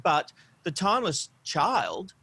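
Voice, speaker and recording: A man co-hosting a podcast, talking in an opinionated, animated way with frequent "you know" and "um". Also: high voice, slow, gravelly, breathy edge. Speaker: podcast co-host. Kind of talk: casual podcast discussion. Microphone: studio microphone.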